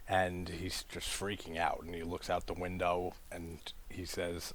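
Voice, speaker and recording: A man's voice: low voice, little pitch movement, a little slow, fairly bright tone, slight background noise. A man reviewing a horror film in casual chat, enthusiastic and swearing freely as he retells scenes. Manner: enthusiastic, swears casually, acts out quoted dialogue.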